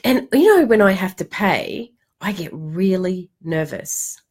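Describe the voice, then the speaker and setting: A woman's voice: mid-range voice, a little slow, slightly rough. A middle-aged woman giving a casual livestream talk as a money coach, telling stories animatedly and swearing now and then. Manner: animated storytelling, acts out quotes, casual swearing.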